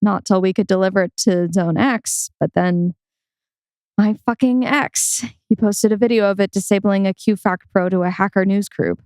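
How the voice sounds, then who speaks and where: A woman's voice: medium pitch, normal speed, darkish tone, clear, resonant tone, dry recording, natural voice. Woman playing a sly young programmer. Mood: dry. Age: young adult. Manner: cool, dry, teasing. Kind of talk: audio drama acting.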